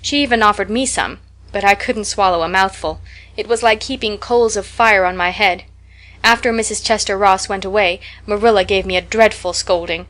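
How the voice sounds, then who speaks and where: A woman's voice: medium pitch, normal speed, a bit bright, natural voice. Woman reading as Anne Shirley, gushing orphan girl. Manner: breathless, dramatic storytelling. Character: talkative imaginative young orphan girl.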